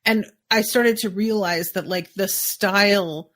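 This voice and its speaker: A woman's voice: medium pitch, steady tone, unhurried, fairly bright tone. Chatty woman recapping a show. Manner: chatty, musing, thinks aloud with fillers. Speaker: podcast host. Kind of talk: casual episode recap.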